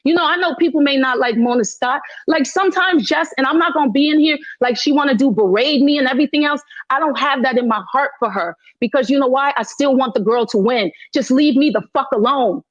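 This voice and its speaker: Woman, high voice, indignant, emphatic, repeats herself, dry dull phone audio. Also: brisk, hardly any pauses, no room sound. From Haitian heritage. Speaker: guest speaker in an audio chat room. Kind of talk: heated audio chat room talk.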